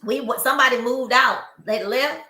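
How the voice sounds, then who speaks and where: A woman's voice: on the high side, normal speed, sharp tone, echoey room. A woman co-hosting a casual chat, chiming in with playful interjections. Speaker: co-host.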